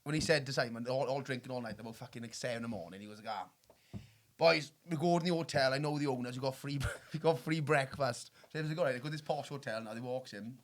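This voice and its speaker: A man hosting a casual podcast chat, rushing through stories and swearing often. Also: medium pitch. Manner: fast, swearing, talks over others.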